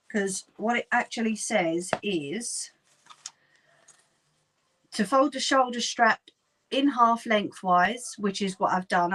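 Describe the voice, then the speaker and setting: A lowish, fairly bright voice belongs to a Cockney sewing livestream host who chats with viewers as she works and laughs frequently. The audio is poor.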